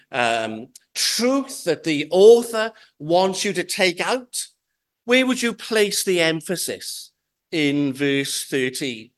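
A man preaching a sermon in a church, slow and measured, leaning on key words for emphasis. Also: high voice, fairly bright tone. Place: church with pews.

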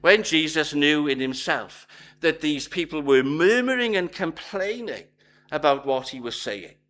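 A man's voice: a little high, expressive, unhurried, a bit bright. A man preaching a sermon, emphatic, building his points in repeated lists.

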